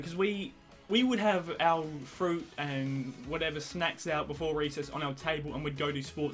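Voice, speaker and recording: A man's voice: on the high side, fairly bright tone. Sweary young man rambling. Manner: rambling, sweary, self-mocking. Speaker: vlogger. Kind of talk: casual confessional storytelling.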